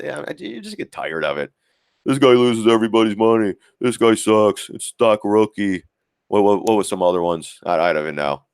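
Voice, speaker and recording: A man's voice: low-pitched, dry recording, clean studio sound. A man hosting a trading livestream in casual, rambling chat, heavy on filler words and repeats. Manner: acts out quoted voices, chuckles often. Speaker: stock trading livestream host.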